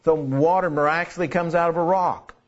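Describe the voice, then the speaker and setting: A man's voice: on the high side, steady tone, fairly quick, highs cut off. A man preaching a sermon in an earnest way, repeating key phrases for emphasis. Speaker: pastor.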